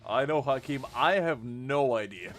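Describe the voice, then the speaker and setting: A man's voice: medium pitch, animated, unhurried, fairly bright tone. A young man streaming a game, chatting casually with his viewers in a joking, rambling way and answering them by name. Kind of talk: casual live-stream chat.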